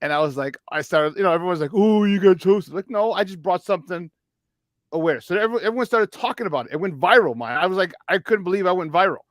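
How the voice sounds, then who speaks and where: A sports talk co-host with a Chicago accent and a high voice tells a story in a lively, rambling way. He restarts his sentences often and acts out what others said. His voice is close and dry, with no room around it. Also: fast, no echo. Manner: animated storyteller, many restarts and acted quotes.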